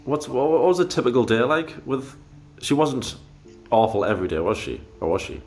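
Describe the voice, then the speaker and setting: Lively male interviewer, hesitant. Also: medium pitch, moderate pace, soft background music. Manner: hesitant, repeating words. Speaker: interview host. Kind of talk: casual interview questions.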